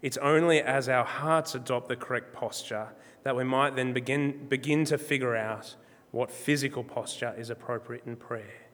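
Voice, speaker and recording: A man preaching a sermon in a measured, emphatic way, slowing down on key words. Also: medium pitch, fairly even intonation, a bit bright, big-room sound. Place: church.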